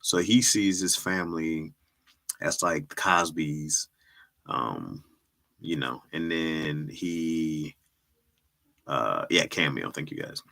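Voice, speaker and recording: A man's voice: a bass voice, expressive, takes it slowly, creaky, pauses often, pushed and bright. A man hosting a livestream, chatting casually with viewers in a laid-back, slangy way and laughing often. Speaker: livestream host and comedy writer.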